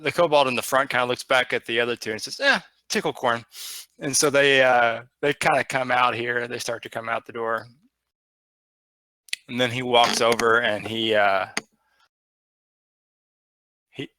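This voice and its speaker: A man narrating as game master of a tabletop game, rambling and halting with many fillers. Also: medium pitch, pushed and bright, no echo.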